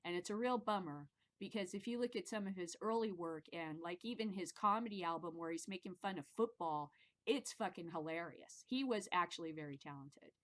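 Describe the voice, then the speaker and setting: A middle-aged woman from the American Midwest, hosting a casual monologue show, rambling and animated and swearing freely. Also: lowish voice, brisk. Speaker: podcast host.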